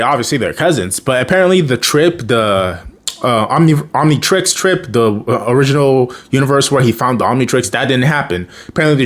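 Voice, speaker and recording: Man with a lively rambling recap voice. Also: mid-range voice. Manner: rambling, full of fillers and restarts. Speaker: cartoon reviewer. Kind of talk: casual episode recap.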